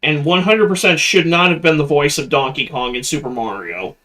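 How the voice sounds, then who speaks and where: A man's voice: on the high side, fairly quick, sharp tone. Blunt, opinionated man in casual chat. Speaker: podcast co-host.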